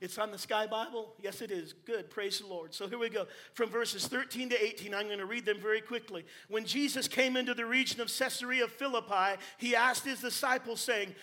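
A man preaching a sermon, swinging between quiet asides and shouted emphasis, with playful jokes and wordplay for the congregation. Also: sits high, steady tone, a little fast, few pauses.

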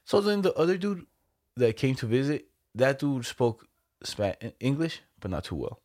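A young man telling a story in a casual chat, relaxed and profane, slipping into quoted voices. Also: medium pitch, normal speed.

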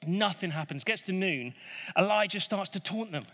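A man retells a Bible story in a casual, animated way, dropping in jokey asides. His voice is high and bright, and the recording carries a long hall reverb. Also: a little slow.

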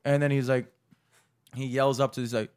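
A man casually telling a long story, animated and profane, acting out the voices of the people in it. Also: mid-range voice, moderate pace, smooth, dry recording, studio quality.

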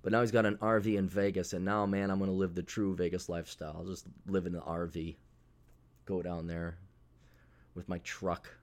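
A man's voice: deep voice, level tone, a little fast. A man hosting a casual solo podcast, talking in a blunt, profane, sarcastic way, rambling with fillers. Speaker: podcast host.

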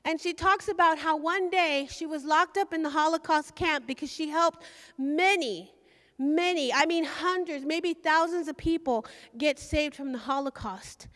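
A woman's voice: high-pitched, a little slow, fairly bright tone, long reverb tail. A woman preaching a sermon, fervent and exhorting as she tells a story.

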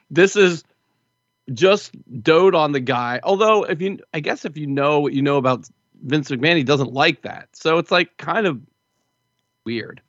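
A man co-hosting a podcast in casual chat, animated and wry, on a dull lo-fi recording. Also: fairly high pitch, a little slow, no room sound. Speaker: podcast co-host. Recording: dull lo-fi sound.

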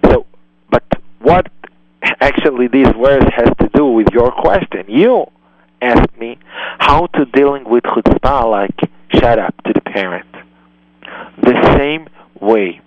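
A man's voice: medium pitch, lively intonation, slow, dry recording, highs cut off. A man hosting a radio advice show, giving earnest, emphatic parenting guidance in slightly non-native English. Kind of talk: call-in advice talk.

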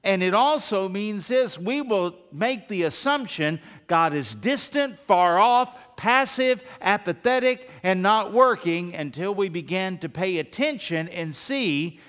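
A man preaching a sermon as a pastor, animated, half-singing lines of an old hymn. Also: high voice, a little slow, hardly any pauses, clean tone. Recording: long reverb of a large hall.

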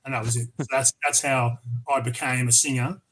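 An Australian man of average pitch talks as a guest on a podcast. He tells loose, rambling stories, swears often and restarts his sentences. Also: level tone, a little fast, a bit bright, poor audio. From Tasmania, Australia. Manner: profane, rambling anecdotes with many restarts. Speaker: podcast guest, metal vocalist. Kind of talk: casual storytelling interview.

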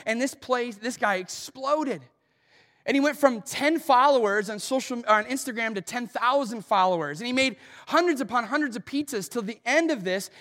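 A man's voice: extremely high pitch, a bit bright. A man preaching a sermon as a pastor, in a conversational storytelling way. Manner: conversational, storytelling with acted quotes. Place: church auditorium. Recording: long hall reverb.

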